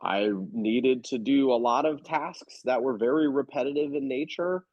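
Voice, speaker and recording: A real estate investor guest, a man with a mid-range voice, talks at a moderate pace in a relaxed interview setting. He tells stories with animation, emphasis and bluntness. The audio is dry and slightly dull.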